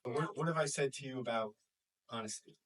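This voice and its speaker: New york guy in his 40s telling family stories to a group, lively, acts out voices, mic a bit far off. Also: medium pitch, fairly quick. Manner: animated, acts out quoted voices. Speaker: school counselor and life coach. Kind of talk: talk to a small group.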